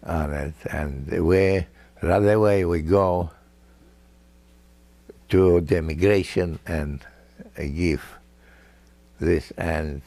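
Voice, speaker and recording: An older man telling family stories in a halting, chuckling way, with many fillers and broken, non-native grammar. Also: rumbling low, vocal fry, darkish tone. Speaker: grandfather recounting family history. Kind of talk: casual personal storytelling.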